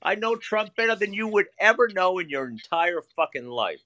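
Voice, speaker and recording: A man's voice: sits high, big pitch swings, moderate pace, dry recording. A man hosting a live debate, arguing heatedly, swearing and talking over the others. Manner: profane, forceful, talks over others. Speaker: debate show host.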